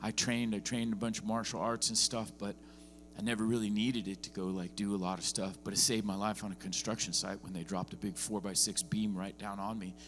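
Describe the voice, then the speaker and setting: In a church, a visiting pastor delivers a sermon in a lowish, brisk voice, often climbing into emphatic bursts. He keeps checking in with the congregation, asking "are you with me?", while soft music plays behind him.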